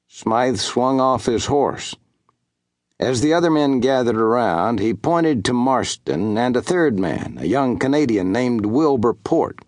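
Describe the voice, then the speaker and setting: Male audiobook narrator, western, unhurried and animated, dry close sound. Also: mid-range voice, no room sound. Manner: measured, expressive storytelling.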